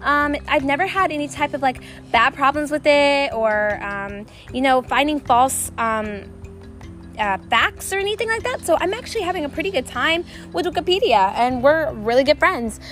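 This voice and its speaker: A woman's voice: high voice, lively intonation, normal speed, a bit bright. A woman hosting a casual faith podcast outdoors, chatty and enthusiastic, with many fillers. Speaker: podcast host. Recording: music playing underneath.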